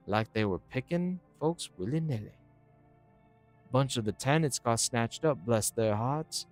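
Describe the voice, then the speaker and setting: A man voicing a loud, folksy old mama with a slow drawl. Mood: aggrieved. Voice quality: drawling, booming.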